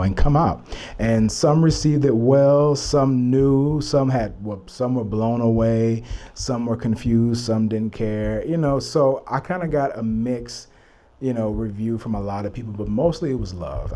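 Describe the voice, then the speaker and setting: A man's voice: fairly low pitch, mellow, slight background noise. A young man from Texas telling a personal story to camera, earnest and reflective, full of "you know" and "like". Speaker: vlogger.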